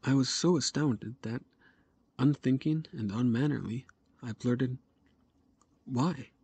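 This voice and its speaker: A man reading a novel aloud in a measured first-person narration. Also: mid-range voice, a little mellow, breathy edge. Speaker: audiobook narrator.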